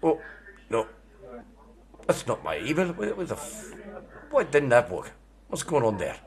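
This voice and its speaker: Brief: older Australian man, sixties, crude mocking prank caller, lively swooping voice. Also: medium pitch, unhurried, vocal fry. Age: 60s. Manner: foul-mouthed, mocking, bursts into furious shouting. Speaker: scam baiter.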